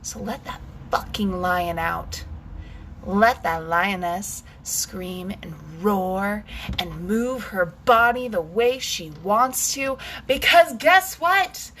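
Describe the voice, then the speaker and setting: A woman's voice: on the high side, expressive, slow, pushed and bright, a little hiss or hum. A woman leading a guided scream and breathwork session, intense and emphatic, swearing freely as she urges listeners to let their anger out. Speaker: breathwork coach.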